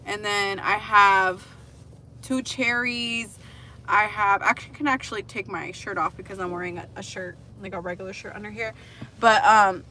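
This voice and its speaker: A young woman hosting a casual livestream, telling animated, profane stories and laughing at her own jokes. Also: medium pitch, normal speed, slight background noise. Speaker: livestream host.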